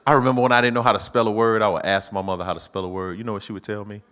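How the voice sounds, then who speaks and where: A middle-aged man performing stand-up comedy, telling family stories and acting out his own lines in a higher voice. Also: steady tone, rapid-fire, a bit bright, clear, resonant tone. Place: church auditorium with live audience.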